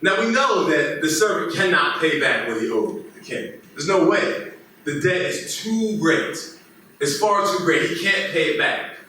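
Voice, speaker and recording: A pastor preaching in a relaxed, storytelling way. He is a man with a fairly high voice, recorded from some distance in a hugely echoing space. A faint noise sits under his words. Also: unhurried. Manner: retells scripture as a casual, modern-day story. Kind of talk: sermon. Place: church hall. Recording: very echoey room, distant mic, faint noise.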